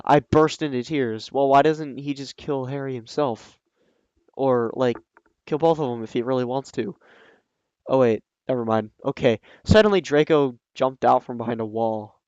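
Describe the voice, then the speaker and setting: A man reading a story aloud and breaking in with sarcastic, scoffing asides, often pausing with ums. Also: medium pitch, darkish tone, clean tone, no echo, lo-fi sound. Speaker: reader and commentator. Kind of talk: reading a fan story aloud with mocking commentary.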